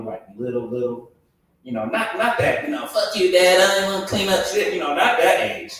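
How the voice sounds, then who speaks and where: Animated man doing stand-up, echoey room. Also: mid-range voice, distant mic. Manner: animated, acts out voices, laughs at his own jokes. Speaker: stand-up comedian. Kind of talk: stand-up comedy set.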